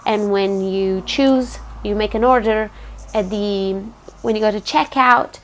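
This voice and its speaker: A woman hosting a casual unboxing video for a knitting channel, with a hoarse, croaky voice. She chats easily and pauses often to find her words. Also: medium pitch. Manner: chatty, pausing with fillers and restarts.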